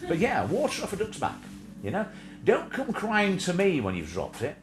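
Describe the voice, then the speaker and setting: A man rambling through a casual livestream chat, his pitch leaping up and down as he jokes. He keeps going off on tangents and slips into silly voices. A faint hum sits behind him. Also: huge pitch swings, normal speed. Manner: jokey, digressive, slips into silly put-on voices. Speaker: livestream host.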